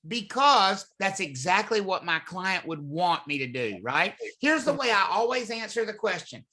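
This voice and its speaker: A man's voice: high voice, sing-song, normal speed, sharp tone. A man teaching a real estate class, talking conversationally and often asking the students questions. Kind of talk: live classroom lecture. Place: classroom or live online class.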